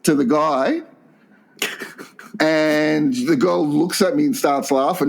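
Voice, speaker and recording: A man's voice: steady tone, slow pace, vocal fry, long pauses. Crude man telling stories. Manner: acts out quotes in high squeaky voices. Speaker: podcast co-host. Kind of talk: crude comedic storytelling.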